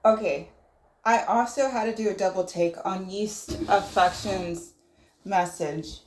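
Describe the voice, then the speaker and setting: A woman's voice: medium pitch, unhurried, darkish tone, a little hiss or hum. A woman hosting a casual livestream, reading viewer messages aloud and musing on them. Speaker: livestream host. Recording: roomy echo.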